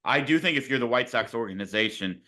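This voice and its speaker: A man's voice: mid-range voice, animated, fast talker, bright, forceful tone. A man co-hosting a casual sports podcast, reflective and full of hedges, playfully pushing back on his partner. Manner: hedging, reflective, playfully argumentative. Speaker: podcast co-host.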